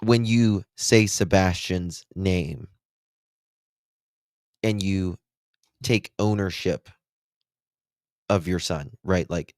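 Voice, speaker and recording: Appalachian male commentator, deep-voiced, sarcastic, dry sound. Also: very slow, pauses often, no echo. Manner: blunt and sarcastic, mocking. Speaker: true crime commentator. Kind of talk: commentary reacting to interview clips.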